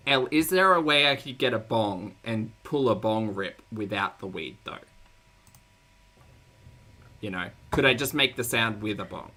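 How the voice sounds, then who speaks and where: Guy chatting on a stream, bright sharp voice, rambly and down on himself. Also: lowish voice, expressive, normal speed. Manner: rambling, self-deprecating, laughs often. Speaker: co-host on the stream. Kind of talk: casual chat.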